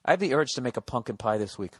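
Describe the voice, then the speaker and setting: A man in his forties with a sore throat rants through a comedic podcast monologue, profane and sarcastic. His voice is mid-pitched and close to the mic in a dry, dead room. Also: lively intonation, rapid-fire, husky, no echo. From United States. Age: 40s. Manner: profane, ranting, sarcastic storytelling. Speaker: podcast host.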